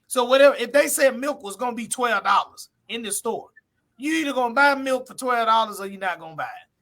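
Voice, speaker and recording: A man's voice: very high voice, expressive, brisk, pushed and bright. A man co-hosting a live talk stream, arguing his point bluntly in casual conversation and greeting viewers by name. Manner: blunt, repetitive, reads viewer comments aloud.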